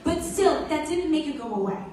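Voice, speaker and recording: A young woman tells a personal story to an audience, her voice high and swinging widely as she acts out the quotes. She sounds a little distant from the mic, and the hall around her rings with strong echo. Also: moderate pace, slight background noise. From New York. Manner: animated, acts out quotes in voices, laughs often. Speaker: speaker giving a personal talk. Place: event hall.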